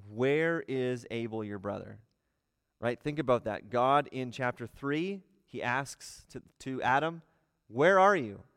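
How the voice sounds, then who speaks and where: A man's voice: mid-range voice, dry recording, big-room sound. A man teaching a livestreamed Bible study, explaining verses and often asking rhetorical questions.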